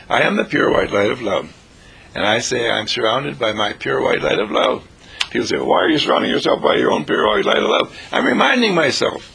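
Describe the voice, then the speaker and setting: A man delivers a rambling inspirational radio talk, repeating his phrases with theatrical flair. His voice is bright and forceful yet deeply raspy, with gravelly fry at the bottom. His pitch leaps and swoops in a very lively way. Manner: repetitive, theatrical, breaks into song snatches. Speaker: spiritual radio host.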